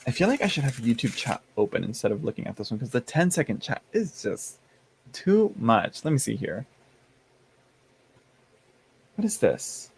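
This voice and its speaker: A man's voice: medium pitch, very animated, fairly quick, vocal fry, slight background noise. A man hosting a casual live stream, chatting with viewers, laughing often and reading the chat aloud. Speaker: tarot livestream host.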